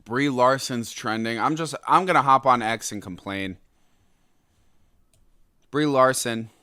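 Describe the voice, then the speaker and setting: A young adult man hosting a solo podcast, ranting in an angry, exasperated way with sudden loud outbursts. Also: medium pitch, unhurried, smooth, no echo, studio quality. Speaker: podcast host.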